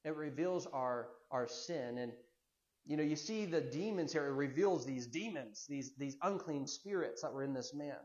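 A man's voice: on the high side, lively intonation, moderate pace, darkish tone, highs cut off. A man preaching a sermon as pastor, earnest, asking rhetorical questions and repeating himself as he builds a point.

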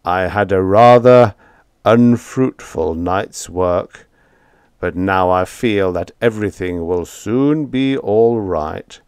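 Brief: man playing a creepy, silky-voiced vampiric lodger, low and unhurried, dry close sound. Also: no room sound. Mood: menacing. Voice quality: smooth. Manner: slow, measured, quietly menacing. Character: pale, sinister, vampire-like male lodger.

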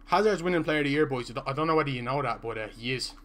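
A man's voice: medium pitch, lively intonation, racing, a bit bright. A young man, chatting and joking casually through a live gaming stream while he reads out viewer messages.

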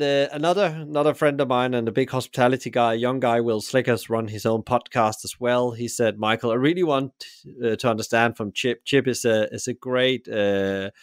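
A man hosting a podcast interview, speaking haltingly with many restarts and fillers. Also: medium pitch, smooth, dry recording, clean studio sound. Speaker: podcast host.

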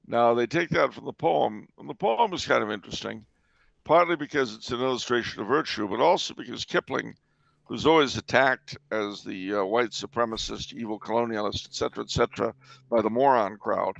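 Gravelly older man hosting a podcast. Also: mid-range voice, brisk, a bit bright, dry recording. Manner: opinionated, hesitant with many uh and um. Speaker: podcast host. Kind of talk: casual chat. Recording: dull lo-fi recording.

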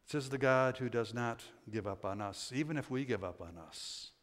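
Older male pastor, folksy and conversational, mid-pitched voice, long church reverb. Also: lively intonation, moderate pace, few pauses. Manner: conversational, folksy storytelling with frequent fillers and laughs. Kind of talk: sermon. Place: church sanctuary.

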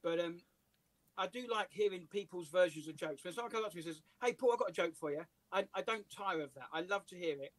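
Brief: English comedian, high-pitched, dry close sound, animated storyteller on a call. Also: male voice, quick pace, no room sound, low-quality recording. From England. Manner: animated anecdotes, voices and laughs. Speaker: comedian guest. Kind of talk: casual storytelling interview.

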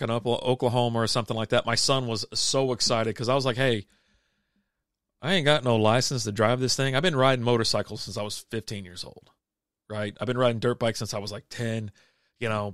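A man's voice: mid-range voice, a bit bright, no room sound, clean studio sound. A middle-aged man hosting a casual beer livestream, chatting loosely and reading comments aloud, full of fillers and restarts. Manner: rambling, laid-back, lots of fillers and restarts. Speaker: livestream beer show host.

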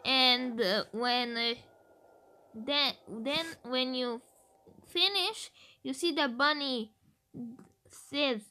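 A woman's voice: high voice, extremely slow, long pauses, bright, forceful tone, soft background music. A woman from Romania chatting casually about her game predictions, thinking aloud with hesitant restarts. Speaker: gaming video creator. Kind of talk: casual game-theory chat.

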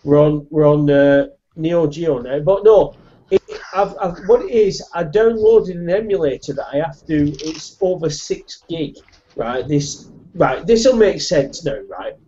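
A man's voice: a little high, expressive, unhurried, mellow, highs cut off. A man chatting casually on a video call, blunt and crude, swearing freely.

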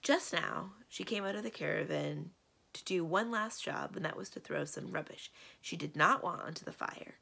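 A woman librarian reading a children's book aloud in a lively, expressive storytelling manner. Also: lowish voice, moderate pace, creaky, slightly rough.

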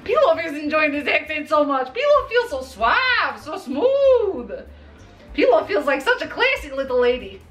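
A woman's voice: high-pitched, very animated, brisk, hardly any pauses, soft background music, voice pushed up. A woman voicing a suave, classy little lady alter ego who speaks of herself in the third person, in a put-on accent. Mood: suave, flirty.

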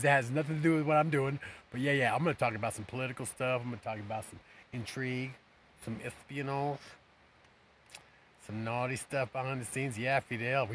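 A man's voice: medium pitch, fairly bright tone, slight background noise. A man chatting casually in a rambling, upbeat way while at a riverside campground. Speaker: vlogger. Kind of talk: casual camping vlog.

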